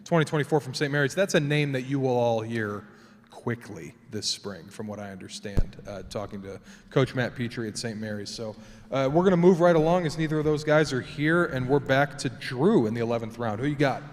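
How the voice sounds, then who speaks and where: A man emceeing a live player draft, brisk and wry, announcing picks and player details. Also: mid-range voice, slight background noise. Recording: long hall reverb.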